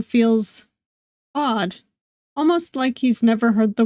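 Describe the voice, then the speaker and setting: Higher-voiced woman reading a game. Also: slow, pauses often, a little mellow, no echo, studio quality. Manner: reads narration steadily, breaks off into playful chatty asides. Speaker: gaming streamer. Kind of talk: reading a visual novel aloud with asides.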